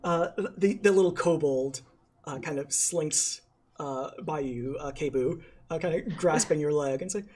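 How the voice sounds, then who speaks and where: A man's voice: a little high, measured pace, darkish tone, slightly rough. Hesitant man running a tabletop game. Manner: hesitant, many fillers, playful. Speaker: dungeon master.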